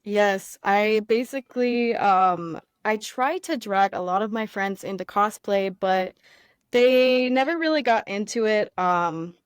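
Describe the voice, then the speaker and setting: A woman from Texas, a guest on a casual podcast, telling stories in a relaxed, friendly way. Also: medium pitch, unhurried, clean tone, dry recording, studio quality.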